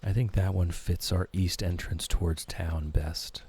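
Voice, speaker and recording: Soft-spoken deep-voiced man streaming a game. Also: steady tone, slight background noise. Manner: soft-spoken, slow and soothing. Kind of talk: calm gameplay commentary for sleep. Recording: background music.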